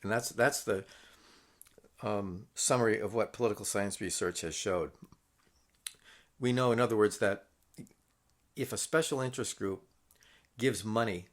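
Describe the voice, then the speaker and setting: A man's voice: on the low side, unhurried, pauses often. Man giving a recorded politics lecture. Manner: explains slides step by step, with fillers and restarts.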